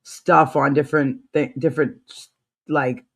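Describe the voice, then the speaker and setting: A man's voice: on the high side, level tone, unhurried. A man chatting casually, rambling and swearing while hunting for words. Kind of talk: casual chat.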